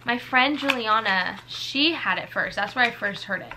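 A woman's voice: a little high, normal speed, background noise. A woman in her twenties from the United States, chatting casually through a haul of gifts, gushing and rambling with fillers. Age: 20s. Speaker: vlogger.

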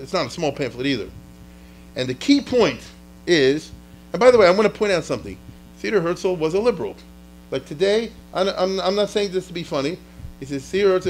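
A man, a rabbi, giving an informal, animated history lecture, often checking with his listeners and acting out quotes from historical figures. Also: a little high, slight background noise, low-quality recording. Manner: animated, talks to the class directly and often asks "you get it?"; voices historical figures in quick asides.

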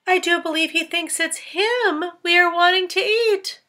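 Brief: a woman playing a gentle, motherly storybook ladybug, high and bright. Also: measured pace, heavily acted. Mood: kind. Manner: gentle, reassuring. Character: kindly motherly ladybug, female.

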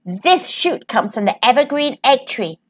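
A woman voicing a cunning old female pig stranger who bargains slowly and slyly in a storybook reading. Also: high-pitched, big pitch swings, a bit bright, husky, heavily acted. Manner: slow, wheedling, bargaining.

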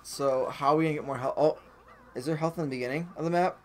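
A man's voice: a little high, quick pace, soft background music. Blunt, crude-talking man. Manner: blunt and crude, with frequent swearing. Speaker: let's play co-host. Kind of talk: casual gameplay commentary.

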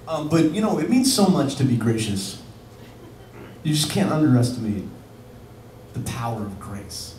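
Music plays behind a man whose voice sits on the high side, animated and at normal speed. He is a musician telling a rambling, laughing anecdote on a bar stage, packed with fillers and restarts. The sound is distant, echoey and noisy, typical of a live room.

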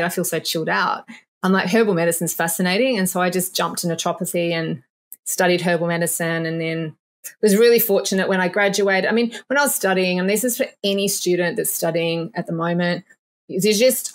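A woman naturopath in a casual podcast interview, chatty and animated, laughing often and acting out quoted voices. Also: on the low side. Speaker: naturopath guest.

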